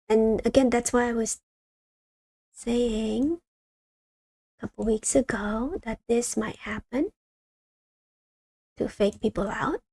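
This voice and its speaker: A woman's voice: a little high, darkish tone, no echo. A woman hosting a casual livestream, rambling with many fillers and talking straight to her viewers. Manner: rambling, many ums, addresses viewers as you guys. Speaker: livestream host.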